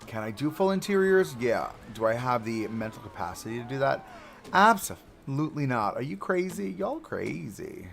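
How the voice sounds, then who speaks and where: Chatty gravelly-voiced man streaming a build. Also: mid-range voice, very animated, moderate pace, fairly bright tone. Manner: chatty, self-talking, joking, mock-frustrated with the game. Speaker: streamer building a theme park live. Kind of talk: casual live-stream commentary.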